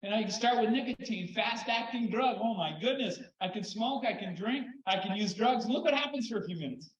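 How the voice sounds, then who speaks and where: Older male conference speaker, high-pitched and expressive, storytelling on stage, echoey hall, muffled sound. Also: a little fast. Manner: expressive, repeats words when excited. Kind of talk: animated storytelling talk. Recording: echoey, dull hall recording.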